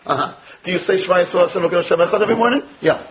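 A man's voice: sits high, rapid-fire, very noisy. An American man teaching a Torah class as a rabbi, firing rhetorical questions at his students and weaving in Hebrew and Yiddish terms. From United States. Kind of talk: Torah lecture.

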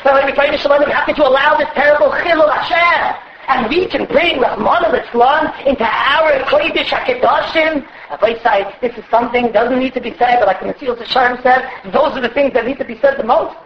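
Impassioned high-voiced woman teaching a class. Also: a little fast, echoey room, dull audio. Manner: impassioned, often raising her voice to a shout; acts out quoted conversations. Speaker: religious teacher. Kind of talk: Torah class lecture.

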